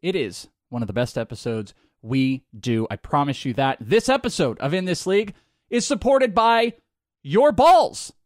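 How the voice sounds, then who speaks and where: A man co-hosting a sports podcast, reading an ad and bantering with his co-host in a loud, jokey, excitable way. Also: fairly high pitch, moderate pace, no echo, clean studio sound. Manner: loud, excitable, jokey, swings into goofy voices. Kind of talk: energetic podcast banter and ad read.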